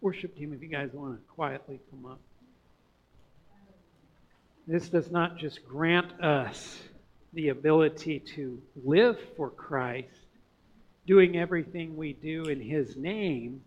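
Man, pastor, high voice, sermon, casual preaching, emphatic swells, hushed drops, dull lo-fi sound. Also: slow, long pauses.

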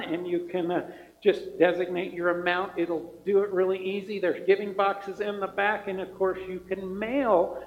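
A man, a pastor, giving friendly, joking church announcements and then leading a prayer, in a church sanctuary. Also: sits high. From Montana. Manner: friendly, joking, informal with fillers. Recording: echoey hall, dull sound.

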